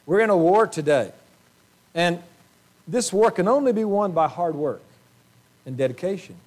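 A man preaching in a church with a somewhat high-pitched voice. He speaks earnestly, often pauses to clear his throat, and leans on rhetorical questions to his congregation. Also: lively intonation, darkish tone. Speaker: pastor. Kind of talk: sermon. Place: church sanctuary.

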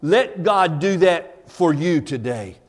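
A man preaching a sermon as pastor at a church service. He preaches earnestly, asks the congregation "Amen?", and drops to a hushed voice when telling stories. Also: fairly high pitch, lively intonation, slow pace.

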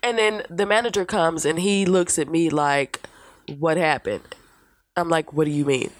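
A woman hosting a casual podcast, telling stories in an animated, profane way and mimicking other people's voices. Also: fairly low pitch, moderate pace, no echo. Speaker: podcast host. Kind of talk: casual chat.

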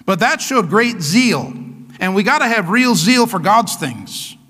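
A male pastor delivers an energetic sermon, shouting encouragement and prompting his congregation for responses. His voice is high, bright and cutting, leaping widely in pitch. It rings with the long reverb of a church sanctuary. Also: measured pace. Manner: exclamatory, call-and-response, keeps urging "come on".

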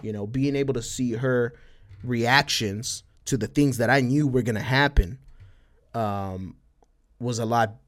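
Rambling man with a Texas border twang. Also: mid-range voice. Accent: West Texas border, Spanish-tinged. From El Paso, Texas. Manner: rambling, halting, many fillers and restarts. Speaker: podcast host. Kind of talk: casual solo podcast talk.

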